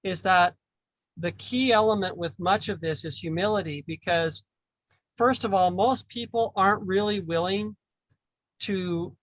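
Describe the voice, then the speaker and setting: A man hosting a casual spiritual discussion, talking haltingly and repeating words as he thinks. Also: high-pitched, a bit bright, dry recording, poor audio. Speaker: podcast host.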